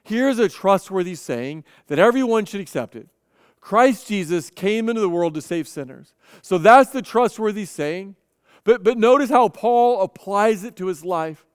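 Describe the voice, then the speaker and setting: A man's voice: sits high, animated, normal speed, smooth, no echo, studio quality, long reverb tail. A man preaching a sermon, telling stories earnestly and often repeating his first word as he goes. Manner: earnest storytelling with frequent repeated starts. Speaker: pastor.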